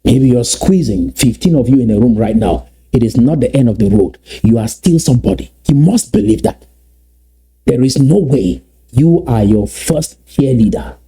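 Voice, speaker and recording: A man from Southern Cameroons, giving an emphatic motivational address that repeats and slowly stresses key phrases. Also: medium pitch, animated, dark tone, breathy edge. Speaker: activist speaker.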